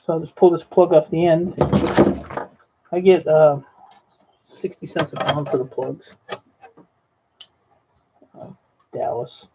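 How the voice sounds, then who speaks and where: Offhand high-voiced man sorting scrap. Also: slow pace, long pauses. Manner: rambling, offhand, blunt. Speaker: e-waste scrapper vlogger. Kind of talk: casual narration while sorting circuit boards. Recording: lo-fi dull audio with faint noise.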